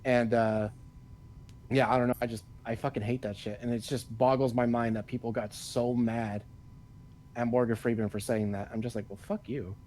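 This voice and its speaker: A man's voice: medium pitch, level tone, moderate pace, a little mellow, a little hiss or hum. A man co-hosting a podcast in casual chat, ranting with a lot of swearing and frequent laughs. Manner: profane, ranting, laughs often. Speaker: podcast co-host.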